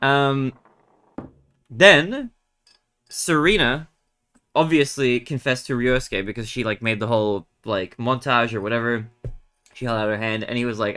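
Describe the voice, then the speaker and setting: Young adult male streamer, mid-pitched, bright tone, chatty and meandering. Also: normal speed, clean tone. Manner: rambling, animated retelling with many fillers. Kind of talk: casual chat while gaming.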